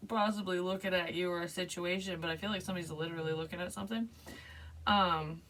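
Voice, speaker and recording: A woman giving a casual, rambling tarot reading to her viewers, chatty and quick to laugh. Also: on the low side, steady tone, a bit bright, a little hiss or hum. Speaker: tarot reader.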